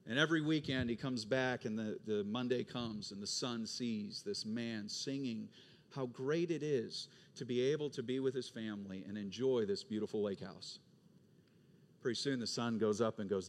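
A male pastor preaching an animated sermon, acting out the voices of the people in his stories. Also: medium pitch, moderate pace.

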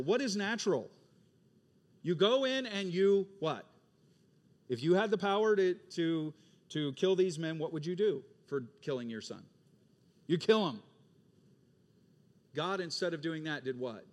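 A male pastor preaching an animated sermon, acting out the voices of the people in his stories. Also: high-pitched, measured pace, pauses often.

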